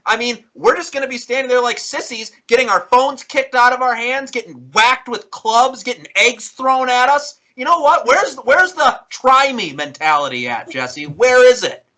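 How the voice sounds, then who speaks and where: Animated bright-voiced male co-host. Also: extremely high pitch, moderate pace, few pauses, low-quality recording. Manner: animated, building up intensity, restarts. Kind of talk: podcast discussion.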